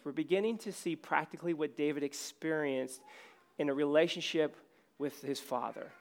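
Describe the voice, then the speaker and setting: A man preaching a casual, conversational sermon on stage while his voice is going hoarse. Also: a little high, normal speed. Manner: casual, self-deprecating, conversational preaching with many fillers. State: losing his voice. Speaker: pastor.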